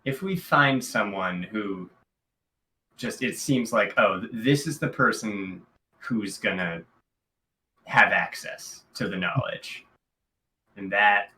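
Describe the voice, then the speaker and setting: A man's voice: fairly low pitch, slow pace, pauses often, bright, forceful tone, slight background noise, poor audio. A man playing a tabletop game, chatting casually and thinking aloud to reach his point. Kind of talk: casual chat over a game.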